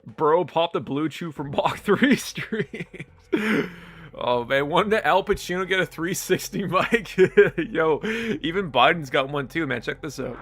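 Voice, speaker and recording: A man's voice: a little high, lively intonation, measured pace, a bit bright. Laid-back, laughing male game streamer. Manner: laid-back, laughs often, chats with viewers. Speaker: live streamer. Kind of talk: casual live-stream chat.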